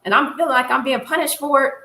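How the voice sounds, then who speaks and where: A woman's voice: high voice, fairly even intonation, fast, sharp tone, echoey room. A woman giving a casual Bible lesson, speaking directly and encouragingly to her listeners. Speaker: Bible teacher.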